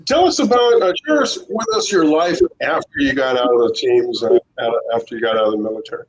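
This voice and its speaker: Lively-voiced male podcast co-host. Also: mid-range voice, quick pace, rough recording. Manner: short affirming interjections and questions. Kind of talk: casual interview chat.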